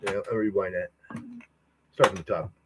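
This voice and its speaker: A male host making quiet, offhand asides while playing old answering machine tapes. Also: sits low, steady tone, normal speed, background noise. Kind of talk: casual commentary over tapes.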